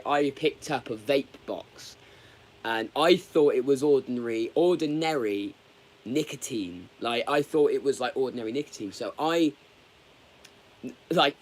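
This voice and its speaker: Man, casual live stream chat, rambling, halting, candid. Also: medium pitch.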